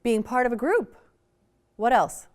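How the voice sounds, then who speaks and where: A woman's voice: on the high side, unhurried. A woman giving a conversational parenting workshop talk to an audience, often acting out examples. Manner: animated, conversational, acts out examples. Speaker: workshop speaker.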